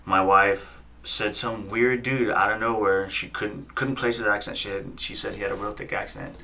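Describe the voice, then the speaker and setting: A man in his thirties, a podcast guest, telling a story in quick, profane casual chat and acting out the quotes. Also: lowish voice, steady tone, creaky, pushed and bright. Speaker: guest, fighter and coach. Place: podcast studio.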